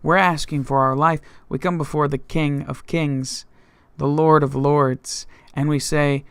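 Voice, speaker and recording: Gravelly pastor retelling a Bible story. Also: male voice, on the high side, little pitch movement, moderate pace, a bit bright, dry recording. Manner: storytelling, retelling scripture in his own words; frequent restarts and fillers. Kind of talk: Bible study teaching.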